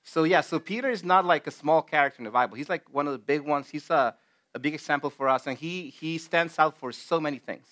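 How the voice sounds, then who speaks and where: Speaking a little fast in a fairly bright voice on the high side, a non-native English-speaking man teaches a casual group Bible study. His manner is earnest and emphatic, full of fillers and restarts.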